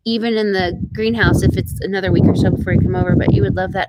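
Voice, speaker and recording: A middle-aged Oklahoma woman with a local accent speaks quickly and at a fairly high pitch, barely pausing, in a very noisy recording. Outdoors on her ranch, she hosts a casual live stream, reading the chat and greeting viewers by name.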